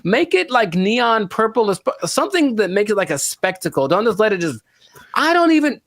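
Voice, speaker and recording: A man's voice: high-pitched, big pitch swings, brisk, fairly bright tone, no echo, studio quality. A young man co-hosting a podcast in casual, rambling chat, joking and correcting himself as he goes. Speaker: podcast co-host.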